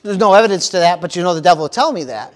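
A pastor preaches a sermon in church, lively and playful, acting out panicked voices and calling out to the congregation. His voice is high-pitched and his delivery rapid-fire.

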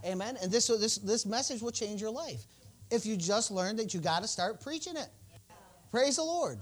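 A male pastor preaching a sermon in a folksy, joking manner, dropping to soft asides and rising to bold, loud declarations. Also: high voice, lively intonation, normal speed.

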